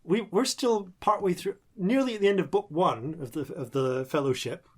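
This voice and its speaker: A man's voice: sits high, moderate pace. Playful man hosting a tabletop game. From Yorkshire, England. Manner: playful, laughing, stumbles and restarts. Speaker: host and dungeon master. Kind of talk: casual podcast banter.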